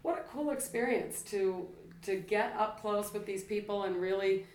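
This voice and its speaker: A woman chatting casually as a co-host, talkative and quick to laugh. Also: medium pitch, a little mellow, slight background noise. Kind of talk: casual chat. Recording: echoey room with faint ambience.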